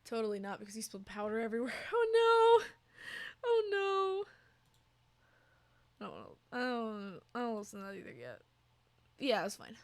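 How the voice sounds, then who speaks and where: A woman's voice: mid-range voice, fast. A young woman streaming, chatting casually with her viewers and cooing over her cat. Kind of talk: casual chat with chat.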